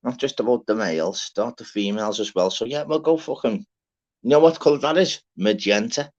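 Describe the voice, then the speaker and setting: A man's voice: mid-range voice, a little fast, a little mellow. Chatty man, lo-fi. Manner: chatty, swears freely, rambling. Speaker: live stream host. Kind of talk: casual live shout-outs. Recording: dull lo-fi sound.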